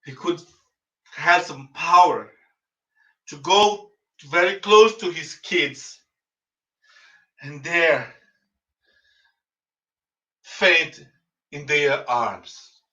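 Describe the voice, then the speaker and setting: A man's voice: a little high, very slow, pauses often, sharp tone. A man with a Brazilian Portuguese accent, a native Portuguese speaker, telling a dramatic story in English with emphatic repetition and direct address to his listeners. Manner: emphatic, repeats phrases, addresses listeners as friends. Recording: echoey, distant, dull lo-fi.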